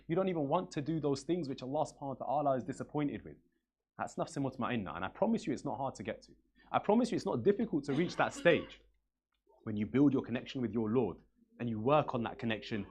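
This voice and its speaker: A man's voice: medium pitch, darkish tone, a little hiss or hum. A man preaching from the pulpit, telling stories and repeating phrases for emphasis in an earnest way. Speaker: religious speaker. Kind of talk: sermon storytelling.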